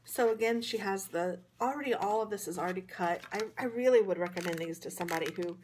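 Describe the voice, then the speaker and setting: Talking fast in a medium, slightly mellow voice, this Midwestern craft vlogger rambles through a card-making tutorial from a hotel room. She's chatty and self-deprecating, with her American Midwest accent clear over a faint hiss or hum.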